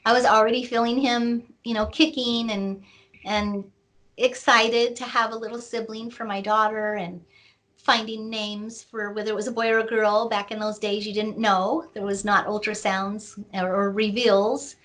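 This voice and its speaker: A middle-aged woman, an author, slowly telling a painful personal story in an interview, with many pauses and fillers. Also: mid-range voice, flat delivery, a bit bright. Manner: slow, reflective, with many fillers. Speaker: author and guest.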